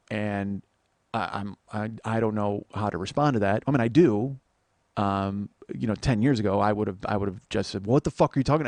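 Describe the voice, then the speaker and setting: A man's voice: lowish voice, a little mellow, dry recording. A man in his forties telling a rambling, profane story as a podcast host. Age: 40s. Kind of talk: storytelling monologue.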